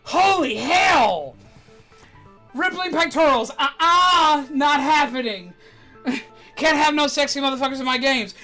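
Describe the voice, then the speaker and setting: Brief: woman streamer, high voice, profane casual rant, faint game music behind. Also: measured pace. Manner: animated, swearing, laughing ranting. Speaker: streamer host. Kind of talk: casual ranting chat.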